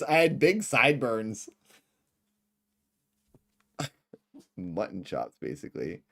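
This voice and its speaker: A man's voice: fairly low pitch, slow pace, vocal fry, pauses often. A man in his thirties hosting a casual livestream, reacting to an old video and laughing at himself. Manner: animated, laughs often at himself. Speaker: livestream host.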